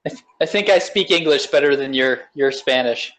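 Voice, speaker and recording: A man's voice: mid-range voice, a little fast, fairly bright tone, rough recording. A man co-hosting a casual podcast, chiming in with dry teasing remarks. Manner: teasing, wry interjections. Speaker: podcast co-host.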